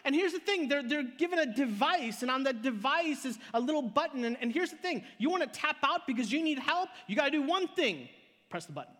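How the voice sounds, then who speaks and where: Pastor delivering a live sermon, very high-pitched man's voice, animated storyteller, long church-hall reverb. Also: fairly quick. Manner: animated storytelling with repeated words and big pitch swings. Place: church auditorium.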